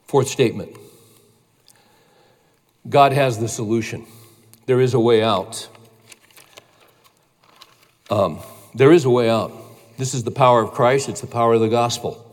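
A man's voice: mid-range voice, measured pace, long pauses. A man preaching a sermon as a pastor, earnest and emphatic, building in intensity as he urges his listeners. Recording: long hall reverb.

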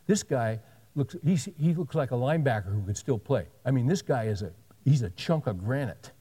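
A male preacher with a mellow, dark voice, telling a story from the pulpit in an easy conversational way. He slips into quick back-and-forth dialogue as he retells it. His voice rings out with a long reverb across a large church sanctuary. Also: medium pitch, animated, breathy edge. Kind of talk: storytelling sermon.

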